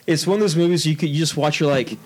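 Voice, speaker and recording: A man's voice: on the high side, quick pace. A man co-hosting a podcast in casual chat, rambling on about cult films with many fillers. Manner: rambling, full of fillers and restarts while reviewing films. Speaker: podcast co-host.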